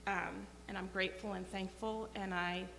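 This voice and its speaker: A woman speaking at a memorial, halting with many fillers as she gives heartfelt thanks. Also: mid-range voice, flat delivery, vocal fry, pushed and bright. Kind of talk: memorial speech. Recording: echoey hall with faint hum.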